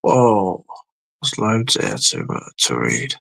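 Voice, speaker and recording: A man's voice: low-pitched, wildly swooping pitch, slow pace, creaky, a bit bright, no echo. Rambling, cursing man, dry sound. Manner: rambling, heavy swearing, trailing off. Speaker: live streamer. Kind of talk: casual late-night stream chat.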